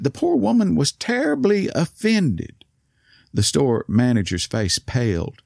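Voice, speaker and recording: A man with an East Texas accent telling a story in a soft voice whose words slur, courtly and wry. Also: fairly high pitch, huge pitch swings, unhurried, gravelly, no room sound, studio quality. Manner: courtly, old-fashioned and wry. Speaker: podcast host. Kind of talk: storytelling monologue.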